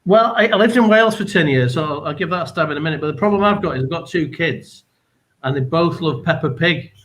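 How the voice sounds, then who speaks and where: A man in his thirties with a slightly raised pitch tells a rambling, self-mocking story as a panel guest. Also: quick pace, fairly bright tone. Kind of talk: casual anecdote.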